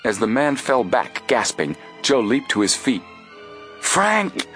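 A man narrating an adventure audiobook in a steady, measured storytelling voice. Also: lowish voice, soft background music. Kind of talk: scripted narration.

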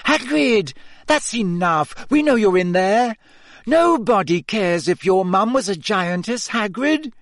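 A man reading a story aloud, voicing a fierce, clever teenage schoolgirl in a high, indignant, sharp voice. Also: sing-song, normal speed, no room sound, clean studio sound, exaggerated voice. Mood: shouting.

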